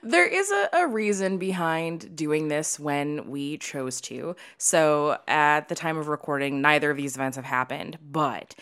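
A woman from the American Midwest co-hosts a casual podcast, her voice sitting a bit low for a woman. She talks in an animated way, laughing often and tossing in quick asides. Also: smooth. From Midwest of the United States. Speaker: podcast co-host.

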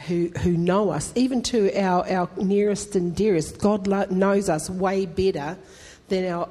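Speaking in a fairly low, mellow, slightly rough voice, a woman pastor delivers an emphatic, conversational sermon that swells into fervent pleas to her congregation. A long reverb from the hall surrounds her.

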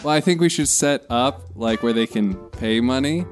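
A man co-hosting a podcast in casual chat, making dry, deadpan quips. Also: medium pitch, normal speed, soft background music. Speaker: podcast co-host.

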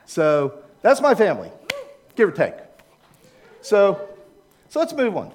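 A man's voice: high-pitched, wildly swooping pitch, unhurried, a little hiss or hum. An older American man with a Maryland accent, giving a chatty, informal talk with slides to a church group. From United States. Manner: chatty, digressive, asks the audience for agreement.

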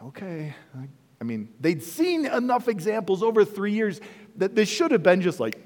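A man preaching a sermon as pastor, telling the story with animated delivery and acting out bits of dialogue. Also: high voice, fairly quick. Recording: echoey hall with long reverb.

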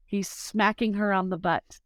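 A woman's voice: mid-range voice, fairly even intonation, measured pace, dry recording. Middle-aged woman, interview guest, earnest heartfelt storyteller, mid-range voice, dry close sound. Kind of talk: casual conversational testimony.

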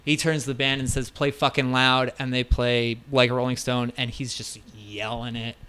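A man's voice: medium pitch, flat delivery, normal speed, a bit bright, clean tone. A man co-hosting a casual podcast, talking enthusiastically about favorite records, swearing freely. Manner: enthusiastic, profane, storytelling. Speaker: podcast co-host.

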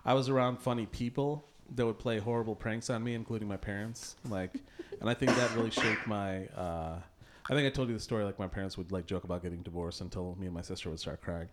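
A man co-hosting an improv podcast, telling childhood stories in a casual, deadpan way with laughs. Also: lowish voice, quick pace, slight background noise. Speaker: podcast co-host. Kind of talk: casual chat.

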